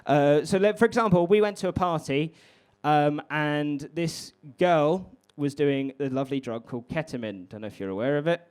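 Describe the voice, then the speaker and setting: Young man, stand-up comedian, brash and sweary, chats with the crowd, slightly high voice. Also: moderate pace, darkish tone, clean tone. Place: live comedy venue with an audience.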